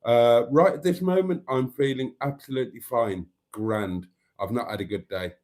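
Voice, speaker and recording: A man with a medium-pitched, darkish voice hosts a laid-back live stream at a normal speed. He's chatty, calling out viewers by name and reading their comments aloud.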